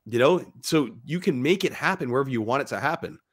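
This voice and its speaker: A man's voice: medium pitch, lively intonation, quick pace. A man co-hosting a podcast, giving blunt, profane, emphatic motivational talk to fathers. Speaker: podcast co-host.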